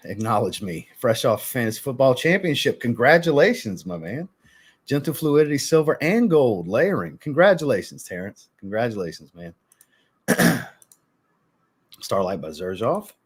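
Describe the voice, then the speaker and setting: A man's voice: mid-range voice, sing-song, moderate pace, slightly rough. A man hosting a fragrance livestream, greeting viewers by name, then ranting bluntly and profanely before apologizing. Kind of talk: casual livestream chat reading viewer comments.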